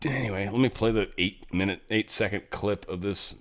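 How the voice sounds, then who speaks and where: A man's voice: on the low side, normal speed, very noisy. A man hosting a casual political commentary show, rambling and restarting his thoughts with irreverent, jokey asides. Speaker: show host.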